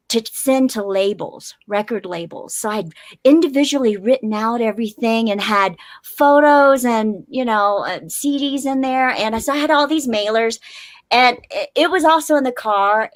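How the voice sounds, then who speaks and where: Woman, musician guest, high voice, animated storytelling, many fillers. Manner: animated, acts out quotes, frequent fillers. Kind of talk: casual storytelling interview.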